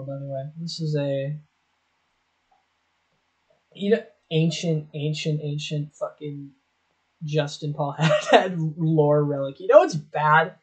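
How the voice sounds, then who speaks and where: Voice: medium pitch, measured pace, low-quality recording. A young adult vlogger giving casual reaction commentary on old clips, swearing often, mocking themself and laughing.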